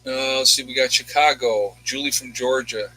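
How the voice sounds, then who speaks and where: A man's voice: mid-range voice, steady tone, normal speed, pushed and bright, rough recording. A man in his forties hosting a casual live stream from home, rambling through stories and reading out viewer comments. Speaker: livestream host.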